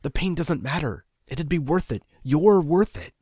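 A man's voice: animated, a little slow, dark tone, slightly rough, no echo, studio quality. A man voicing a desperate young man who pleads, strained and clinging. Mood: pleading. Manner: pleading, strained, rising in pitch.

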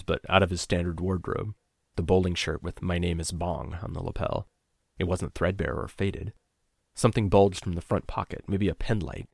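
A man reads a first-person horror story in a very low, gravelly voice. His delivery is measured and falls to a near-hush at the tense moments. The recording is dry and close, with no room sound. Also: no echo. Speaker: narrator.

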